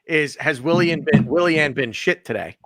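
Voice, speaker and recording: A man hosting a casual football postgame chat, blunt and animated, swearing freely. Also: a little high, normal speed, background noise. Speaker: podcast host.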